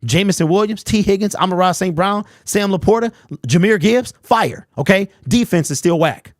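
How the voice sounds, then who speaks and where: A man's voice: high voice, moderate pace, no echo, studio quality. A young man hosting a live sports talk stream, ranting bluntly, reading chat messages aloud and firing off rhetorical questions. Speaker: host.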